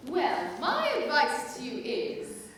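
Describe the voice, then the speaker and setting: A woman's voice: high-pitched, wildly swooping pitch, slow, full character voice. A woman playing a drowsy, drawling chaperone. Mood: languid. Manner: languid, sleepy, drawling. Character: drowsy, tipsy middle-aged female chaperone. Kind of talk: live stage musical performance. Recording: echoey theatre hall from far off, faint hiss.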